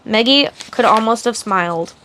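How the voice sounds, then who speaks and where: A woman's voice: a little high, moderate pace, a little hiss or hum. Woman streamer narrating a novel aloud. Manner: steady storytelling narration, blunt asides. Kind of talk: audiobook-style reading on a live stream.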